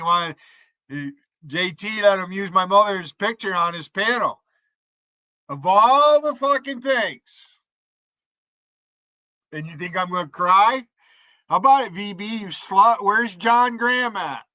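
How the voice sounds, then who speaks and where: A man's voice: sits high, sharp tone, no room sound. A man in his fifties from the United States, ranting profanely on a live stream and taunting rivals to come on. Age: 50s. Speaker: livestreamer.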